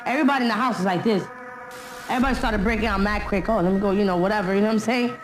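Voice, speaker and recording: A woman's voice: mid-range voice, rapid-fire, faint music behind, poor audio. A woman retelling hard memories in a candid documentary interview, blunt and full of street slang.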